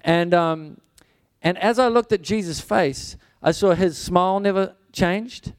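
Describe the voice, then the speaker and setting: High-voiced earnest preacher man. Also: unhurried, clear, resonant tone. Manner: earnest, conversational, frequent restarts. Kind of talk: sermon with personal testimony.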